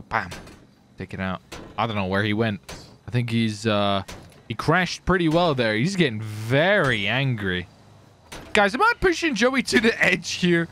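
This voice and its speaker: A young man streaming a game role-play, taunting and commenting excitedly. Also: on the low side, a little hiss or hum. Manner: excitable, taunting, jumps into shouts.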